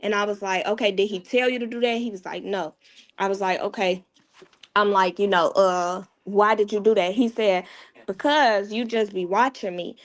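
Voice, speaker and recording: A woman, a mother appearing as a guest, tells a painful personal story in a candid, casual way, often dropping her voice low. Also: fairly even intonation, moderate pace.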